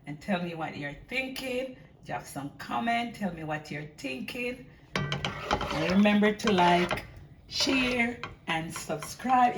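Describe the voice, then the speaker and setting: A woman hosting a casual cooking vlog, chatty and excitable, talking to her viewers as she cooks in her home kitchen. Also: mid-range voice. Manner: chatty and excitable, often calling viewers "guys". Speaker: cooking channel host. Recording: voice far from the mic over loud boiling pot noise.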